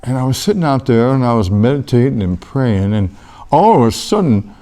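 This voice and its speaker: A man's voice: medium pitch, big pitch swings, brisk, mellow, lightly acted. A man playing a folksy old biblical shepherd-prophet, telling his story in a rambling, homespun way during a comic church interview. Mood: earnest. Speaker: interview guest in character.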